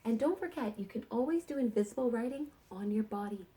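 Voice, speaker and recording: A woman teaching sight words to young kindergarten children in a slow, encouraging sing-song way. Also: fairly high pitch, lively intonation, mellow.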